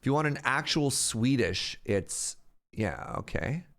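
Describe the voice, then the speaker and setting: A man's voice: mid-range voice, animated, measured pace, fairly bright tone. A man streaming a game live, chatting playfully with his viewers. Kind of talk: casual live-stream chat.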